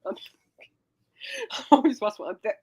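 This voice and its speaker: A woman's voice: sits high, wildly swooping pitch, a little slow, darkish tone, husky. A woman hosting a podcast in casual chat, playful and teasing, rambling from joke to joke. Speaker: podcast host.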